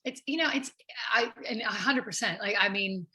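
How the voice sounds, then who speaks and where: Woman podcast host, bright and forceful, encouraging conversational delivery. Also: medium pitch, normal speed. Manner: encouraging, affirming talk with frequent back-channels.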